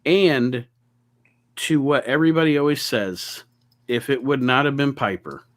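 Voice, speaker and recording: A man's voice: medium pitch, a little slow. A man co-hosting a casual podcast chat, emphatic and prone to swearing and restarting his sentences. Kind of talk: casual chat about wrestling.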